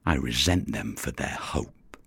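A weary, bitter fisherman in a radio play. His voice is extremely deep and gravelly, with a husky, rough grain. He speaks very slowly, like a quiet confession, in a dry, close recording. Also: animated, dry recording, exaggerated voice. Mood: bitter, confessional. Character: weary bitter male fisherman, middle-aged. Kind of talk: radio drama monologue.

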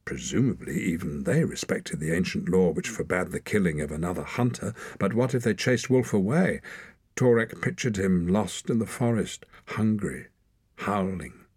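A male audiobook narrator with a low, husky voice reads a script in a measured yet expressive storytelling style. The studio recording is clean and dry.

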